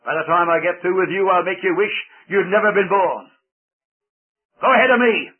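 A man voicing a menacing male giant who bellows loud threats, heard through a tinny old radio broadcast. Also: sits high, normal speed, lightly acted. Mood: threatening.

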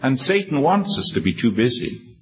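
A man's voice: big pitch swings, moderate pace, lo-fi sound. A man preaching a sermon, reading scripture and telling a personal story in an earnest, humble manner, often restarting phrases. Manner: earnest, humble, with frequent restarts and emphatic high peaks.

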